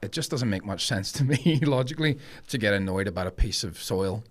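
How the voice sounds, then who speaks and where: A man with a low, deep voice is a guest on a podcast. He talks in a casual, reflective way and tells stories from his life. He grew up moving around Germany and England. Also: animated, brisk. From grew up moving between Germany and England. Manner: reflective, storytelling. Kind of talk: casual conversation.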